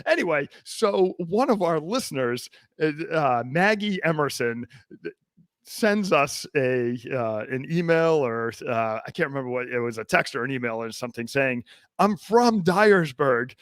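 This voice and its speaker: A man's voice: medium pitch, lively intonation, moderate pace, a bit bright, no echo, studio quality. A man hosting a podcast, talking casually and rambling with lots of fillers and restarts. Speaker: podcast host.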